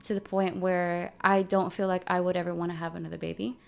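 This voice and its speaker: A woman's voice: fairly low pitch, level tone, brisk, creaky. A young adult woman, a podcast guest, telling a personal story in casual chat. She acts out the dialogue and often says "dude" and "like".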